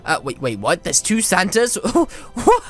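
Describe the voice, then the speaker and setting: A woman hosting a game video, chatting and exclaiming in excited commentary. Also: on the low side, measured pace, faint music behind. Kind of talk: excited let's-play commentary.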